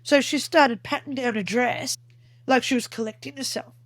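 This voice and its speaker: Woman guest telling her story in an interview, kinda high voice, dry close sound, earnest and detailed. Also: moderate pace, no room sound. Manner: earnest, vivid storytelling that acts out remembered dialogue. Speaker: podcast guest. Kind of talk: recounting a personal experience in an interview.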